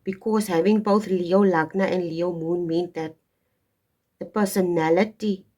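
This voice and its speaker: Slow, husky woman reading tarot. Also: on the low side, fairly even intonation, dark tone. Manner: digressive, emphatic, stops to stress points. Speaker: tarot reader. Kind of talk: casual spoken astrology reading.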